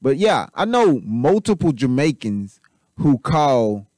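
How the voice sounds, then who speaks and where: Brief: male host, casual rant, mid pitch, dry close mic, repeats himself. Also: takes it slowly, no echo. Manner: rambling, repetitive, animated, swears freely. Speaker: channel host. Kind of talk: casual commentary.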